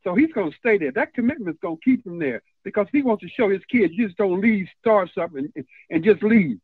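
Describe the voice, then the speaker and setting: On a call-in radio show, a male coach speaks by phone with an animated, high voice at a quick pace and a breathy edge. He is earnest and emphatic yet hesitant with fillers, and the tinny phone line sounds dry.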